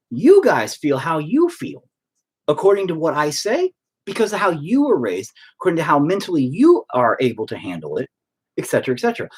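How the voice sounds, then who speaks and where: Late-30s male streamer: husky, animated delivery, blunt profane rant. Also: fairly high pitch. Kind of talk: casual rant.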